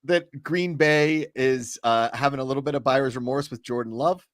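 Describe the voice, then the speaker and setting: A man's voice: mid-range voice, normal speed, no echo, clean studio sound. A man co-hosting a casual sports talk show, giving opinionated and joking predictions.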